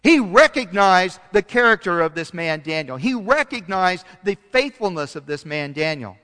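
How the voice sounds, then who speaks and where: A man preaching a sermon, reading scripture aloud and swinging between loud emphasis and quiet passages, sometimes losing his place and correcting himself. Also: sits high, animated, moderate pace, clean tone, in a large hall. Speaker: pastor.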